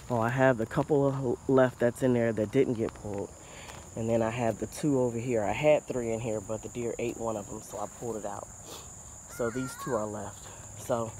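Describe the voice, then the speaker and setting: A man's voice: medium pitch, darkish tone, a little hiss or hum. A man vlogging outdoors in his home garden, venting his frustration and discouragement at garden pests. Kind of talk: casual vlog talk. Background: insects and outdoor ambience.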